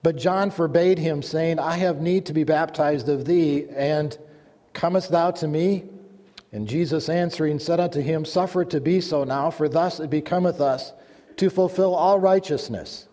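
A pastor delivering a sermon, reading scripture aloud and telling a folksy joke in an earnest manner. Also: male voice, fairly high pitch, normal speed, warm tone. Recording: long hall reverb.

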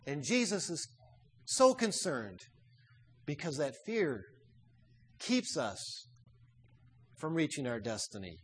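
A man preaching a sermon, swinging from loud emphatic peaks to hushed, quiet phrase endings. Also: on the high side, very animated, takes it slowly, long pauses, husky.

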